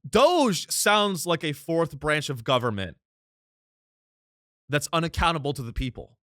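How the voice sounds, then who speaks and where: A young man hosting a comedic podcast, commenting sarcastically on a clip and ranting in loud bursts. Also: fairly high pitch, sing-song, a little slow, no room sound, studio quality. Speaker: podcast host.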